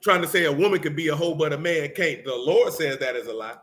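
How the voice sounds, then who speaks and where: A man's voice: on the high side, fast, fairly bright tone. A man preaching a blunt, street-talking sermon mixed with scripture reading. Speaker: teacher.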